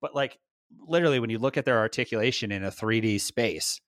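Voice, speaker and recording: A man co-hosting a casual podcast, animated and quick to slip into playful quoted voices. His pitch sits in an ordinary middle range, and the sound is dry and close, with no room around it. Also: dry recording. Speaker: podcast co-host. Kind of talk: casual chat.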